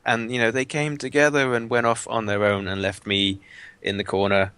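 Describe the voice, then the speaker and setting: A man's voice: lowish voice, little pitch movement, moderate pace, fairly bright tone, clear, resonant tone, dry recording. A man chatting casually on a gaming podcast, telling rambling stories and often repeating his words. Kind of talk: casual chat.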